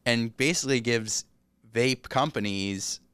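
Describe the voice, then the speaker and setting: A man's voice: mid-range voice, unhurried, a bit bright, clean tone, no room sound. A man co-hosting a podcast in casual chat, sardonic and a little hesitant, on a close mic. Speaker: podcast co-host.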